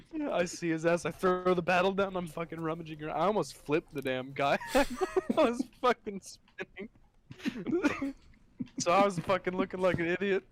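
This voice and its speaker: A man's voice: high-pitched, expressive, moderate pace, pauses often, a little hiss or hum. A young man in casual chat, telling a story full of swearing and laughing through his lines.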